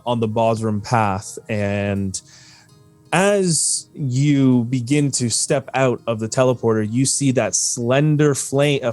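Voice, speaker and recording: A man narrating as game master, talking loosely with many fillers and restarts. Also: medium pitch.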